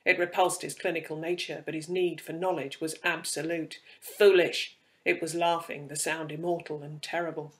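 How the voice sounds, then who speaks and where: A man giving a measured, dramatic reading of dark fiction. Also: a little high, flat delivery. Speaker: reader.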